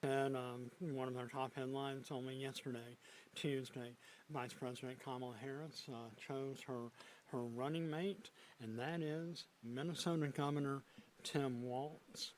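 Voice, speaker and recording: A man anchoring a local TV news broadcast from a studio desk, often restarting his sentences and filling pauses with "uh". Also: medium pitch, steady tone, a little hiss or hum, poor audio. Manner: halting, frequent fillers and restarts. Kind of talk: news broadcast with unscripted asides.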